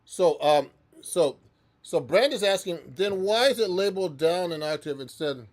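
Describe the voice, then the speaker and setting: A professional musician and guitar teacher talks loosely during a live-stream practice session, answering viewers and frequently restarting. His voice is high-pitched and expressive, at normal speed.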